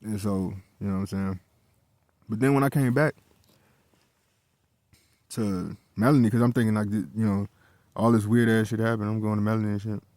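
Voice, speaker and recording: A man's voice: lowish voice, fairly even intonation, normal speed, long pauses, darkish tone, no room sound. A man telling a personal story in a casual, heated monologue, swearing often and repeating himself as he goes.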